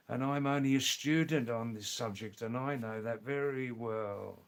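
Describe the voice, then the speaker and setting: Here a middle-aged man from Australia runs a laid-back livestream and responds to his audience at a moderate pace, barely pausing. His mid-range voice is emphatic, circling back to key phrases and filled with frequent ums.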